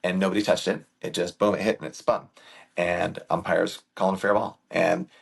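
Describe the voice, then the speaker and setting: A man with a deep, gravelly voice tells baseball stories as a podcast guest. He talks in an emphatic, lively way, and his tone is slightly husky. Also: moderate pace. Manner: animated, emphatic storyteller. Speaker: guest, youth baseball coach and camp director. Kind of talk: casual storytelling conversation.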